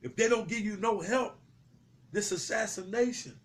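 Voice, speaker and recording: A man's voice: sits high, normal speed. A young man giving heated, profane street commentary, confrontational and repetitive, swearing freely.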